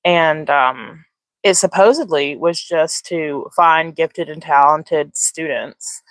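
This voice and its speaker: A woman's voice: low-pitched, slow pace, dry recording. A woman hosting a casual livestream from her phone, rambling with lots of fillers and greeting viewers by name. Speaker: livestream host. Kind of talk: casual live chat.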